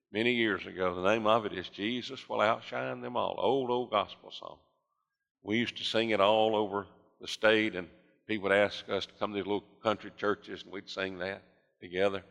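Older male pastor, low bright voice, preaching with rising fervor in a big reverberant sanctuary. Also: vocal fry. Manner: preaching with rising fervor, voicing listeners' objections. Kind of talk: sermon. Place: church sanctuary. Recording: long reverb of a church hall.

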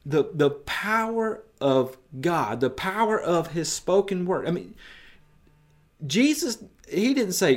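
A male preacher delivers a sermon with a slightly high voice. He retells the story emphatically, dwelling on the details and pressing his points home. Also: sing-song, unhurried.

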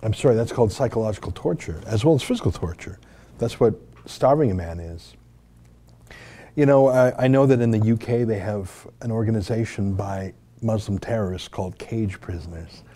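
A man from Canada delivers emphatic, indignant commentary to camera. His voice is very dark and mellow and sits a little low, and he presses his points with rhetorical questions. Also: moderate pace. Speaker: host and commentator.

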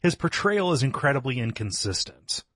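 A man's voice: mid-range voice, expressive, a little fast, fairly bright tone, husky, no room sound, studio quality. A man co-hosting a podcast, analysing a video game's story in casual talk, often repeating words as he thinks. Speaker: podcast co-host. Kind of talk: casual video game discussion.

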